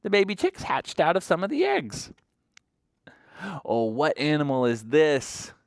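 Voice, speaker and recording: A woman librarian reads aloud to toddlers in a sing-song, coaxing way, asking little questions as she goes. Her pitch rises and falls in big, lively swings. The recording is close and dry. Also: unhurried, dry recording. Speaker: children's librarian. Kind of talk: toddler story time read-aloud.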